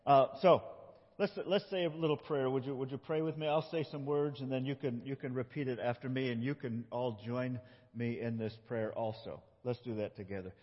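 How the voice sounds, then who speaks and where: In a church sanctuary, a man with a mid-range voice talks fairly quickly as he gives a playful, animated children's sermon, guiding kids as they act out a scripture story. The recording is dull, with the echo of a big church.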